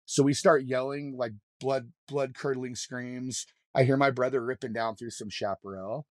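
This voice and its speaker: A man's voice: medium pitch, fairly even intonation, moderate pace, dry recording, studio quality. A man, a mountain guide on a podcast, telling a story in a loose, rambling way, full of swearing and restarts. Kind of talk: casual storytelling in an interview.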